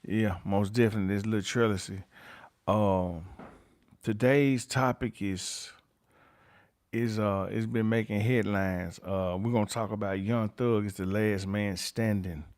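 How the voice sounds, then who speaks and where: A YouTube host with a fairly low, darkish voice speaks a bit slowly and with fairly even intonation. On his livestream, he reads out chat names, repeats catchphrases, and chuckles frequently.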